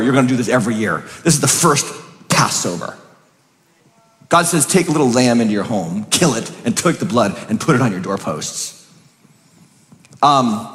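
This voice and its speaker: Pastor, male, high-pitched, preaches in a long-echo church hall, booming then hushed. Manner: swings from booming to hushed, conversational asides. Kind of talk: sermon.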